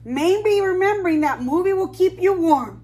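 A woman's voice: very high voice, animated, normal speed, warm tone, voice pushed up. A woman voicing a stern female armadillo cook who firmly refuses to share. She speaks in clipped, final-sounding lines.

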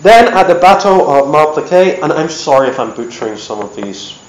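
A man giving a lively, chatty storytelling talk at an event, with plenty of ums and uhs. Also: on the high side, normal speed, a little hiss or hum. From United States. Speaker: presenter. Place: event hall. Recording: echoey hall.

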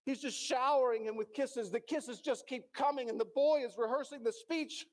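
High-voiced pastor telling a story. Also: male voice, moderate pace, a little mellow. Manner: dramatic storytelling, acting out the characters' lines. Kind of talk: sermon. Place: church.

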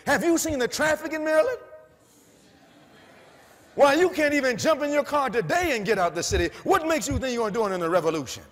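A man preaching a sermon to a congregation, asking repeated questions for them to answer and climbing to shouted peaks. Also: extremely high pitch, lively intonation, fast, in a large hall. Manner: call-and-response questions, rising to shouts.

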